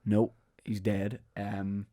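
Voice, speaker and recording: A young man with a Northern Irish accent hosting a casual podcast, telling rambling anecdotes with deadpan asides. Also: fairly low pitch, takes it slowly, dry recording, clean studio sound. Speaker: podcast host. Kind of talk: casual chat.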